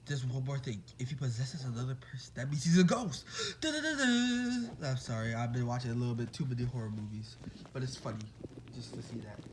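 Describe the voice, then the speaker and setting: A young man casually retelling a fan story, rambling and excitable, full of fillers and quick apologies. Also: medium pitch, slight background noise.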